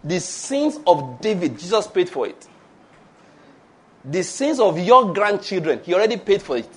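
A man preaching a sermon, his voice pitched high for a man. He delivers it with playful energy and laughs often as he goes. He has the congregation echo his key phrases back to him. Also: a little slow, breathy edge. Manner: animated and playful, laughs often, leads the audience in repeated phrases.

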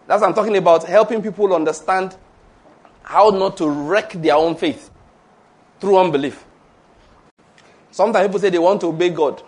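High-voiced, animated preacher man. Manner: animated and playful, laughs often, leads the audience in repeated phrases. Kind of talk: sermon.

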